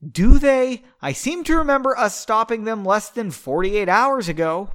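A man voicing an impatient, bossy young woman who scolds and yells in a raised voice. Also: sits high, lively intonation, moderate pace, voice pushed up. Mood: scolding.

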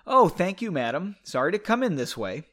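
A man's voice: high voice, sing-song, fairly quick, fairly bright tone, pitched above the performer's own voice, heavily acted. A man voicing an anxious young woman on the run in a storybook reading, in a raised, earnest voice.

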